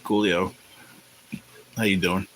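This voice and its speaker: A man hosting a casual live stream, rambling in a laid-back way and greeting viewers by name, sounding tired and low on energy. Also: little pitch movement, takes it slowly, a bit bright, slight background noise, low-quality recording. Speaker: livestream host. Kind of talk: casual livestream chat.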